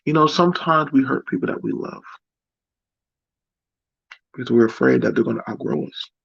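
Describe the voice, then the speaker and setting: A man telling a personal story to his viewers in a reflective, halting way. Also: medium pitch, creaky, a bit bright, slightly rough. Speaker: vlogger. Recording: dry, dull lo-fi recording.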